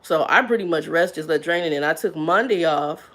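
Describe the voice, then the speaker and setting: A woman's voice: low voice, fairly quick. A woman hosting a casual livestream, talking in a rambling way to her viewers with "y'all" slang, a little congested from sinus drainage. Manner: talkative, rambling, greets viewers warmly by name; Southern-style slang, "y'all". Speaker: livestream host.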